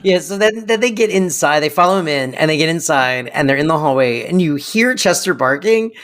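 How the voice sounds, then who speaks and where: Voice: medium pitch, lively intonation, fairly quick, a bit bright. Enthusiastic podcast co-host. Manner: enthusiastic, laughs while retelling scenes. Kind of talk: casual chat recapping an episode.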